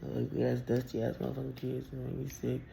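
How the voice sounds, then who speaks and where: A woman's voice: a bass voice, completely flat delivery, a little fast, vocal fry, dark tone, slight background noise. A woman telling a story in a casual, blunt and profane rant that rambles along. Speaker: vlogger.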